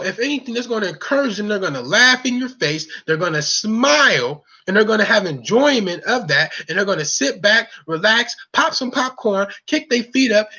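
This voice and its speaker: Heated high-pitched man ranting. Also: sharp tone, slightly rough. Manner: heated, repetitive, preaching. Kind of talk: angry monologue rant. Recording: dull lo-fi recording.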